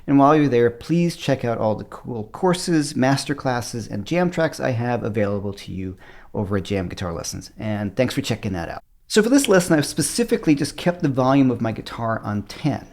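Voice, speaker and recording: A middle-aged man teaching a guitar lesson, shifting between louder and softer speech on purpose. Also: expressive, brisk. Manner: varies loudness and pitch on purpose to show dynamics. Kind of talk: guitar lesson, talking to camera. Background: guitar playing.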